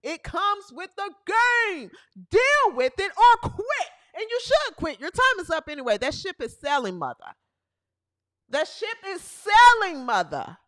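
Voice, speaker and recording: Brief: woman comic host, very high and bright voice, swooping, sarcastic sports rant. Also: big pitch swings, unhurried, hardly any pauses, no echo, clean studio sound. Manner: sarcastic, mocking, repeats lines for effect. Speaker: comedian and show host. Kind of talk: comedic sports commentary rant.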